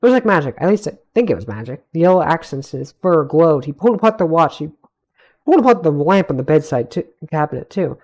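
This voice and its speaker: A man's voice: fairly high pitch, big pitch swings, quick pace, darkish tone. A young man reading his own fantasy story aloud on a live stream, stumbling over words and correcting himself as he goes. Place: home streaming setup.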